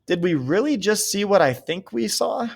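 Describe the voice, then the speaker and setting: A man's voice: high voice, animated, normal speed, gravelly, pitched above the performer's own voice, exaggerated voice. A man voicing a frightened, angry teenage boy in a read-aloud story, tearful and agitated. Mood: wary.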